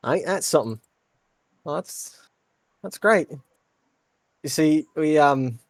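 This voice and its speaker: A man's voice: a little high, expressive, slow pace, no echo, pitched above the performer's own voice. A man voicing a cheerful teenage farm boy in a put-on American Southern drawl, folksy and laughing at his own slips. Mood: pleased.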